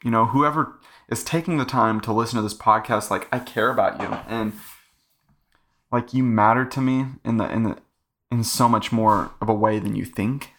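A man's voice: lowish voice, moderate pace, a bit bright. A young man hosting a casual faith podcast, talking earnestly in a rambling way full of fillers. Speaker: podcast host.

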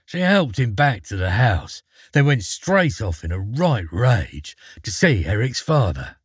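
A man narrating a fairy tale in an expressive, measured storytelling manner. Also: on the low side, breathy edge, no room sound, studio quality.

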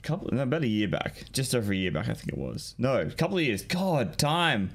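A man's voice: medium pitch, very animated, brisk, gravelly. A man in casual chat, rambling and swearing casually, mocking himself with a laugh.

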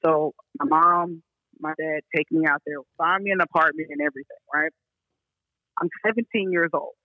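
A young woman from Memphis, a counselor telling her story in casual, animated talk. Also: sits low, no echo. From Memphis, USA. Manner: animated, laughs often, fast bursts. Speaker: guest, counselor and therapist. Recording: dull lo-fi sound.

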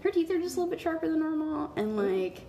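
A woman's voice: high-pitched, big pitch swings, fast talker, mellow. Casual woman GM, filler-heavy narration, echoey room. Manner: casual, chatty, lots of fillers. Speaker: game master. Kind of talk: narrating a tabletop game. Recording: echoey room, faint noise.

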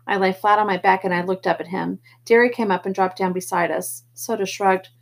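A woman reading a novel aloud in first person, steady and plain, with the odd slip. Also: medium pitch, fairly quick, vocal fry, few pauses. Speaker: audiobook reader.

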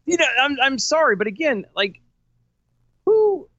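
A man co-hosting a casual political chat, rambling and ranting as he searches for his words. His pitch swings widely. The recording is dull, lo-fi and dry. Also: sing-song, measured pace, bright, forceful tone, no echo. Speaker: co-host.

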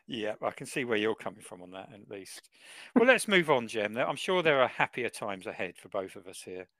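A man co-hosting a football podcast, ranting in an exaggerated, animated way. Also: lowish voice, moderate pace, pauses often, no room sound. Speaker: podcast co-host. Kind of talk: casual football chat.

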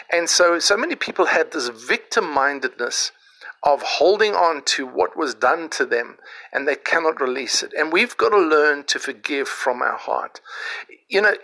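A man gives an off-the-cuff devotional podcast message, recorded outdoors. He talks loosely and conversationally, restarting sentences often as he retells a parable. His voice sits a little high and sounds bright and forward. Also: poor audio. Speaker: podcast host and preacher. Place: outdoors on a riverside property.

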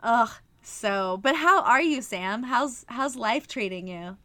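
A woman in her thirties co-hosting a casual podcast chat, speaking in an unhurried, drawn-out way. Her voice is bright and a little high, and she teases with playful, mock-dramatic outrage. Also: lively intonation. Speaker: podcast co-host.

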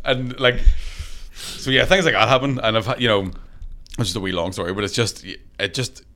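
Male comic, bright tense voice, swears freely, laughs at his own tales. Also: medium pitch, brisk. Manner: profane, laughing through his own stories. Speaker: stand-up comedian guest. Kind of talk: casual podcast storytelling.

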